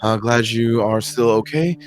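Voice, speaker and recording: A man's voice: mid-range voice, measured pace, soft background music, lightly acted. A man voicing a composed woman commander in a war room, speaking in a polite, businesslike way. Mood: calm.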